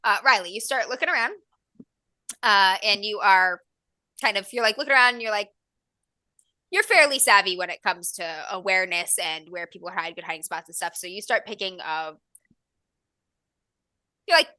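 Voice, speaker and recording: A woman's voice: medium pitch, normal speed, long pauses, pushed and bright, dry recording. A woman narrating as game master of a tabletop game, chatty with many fillers.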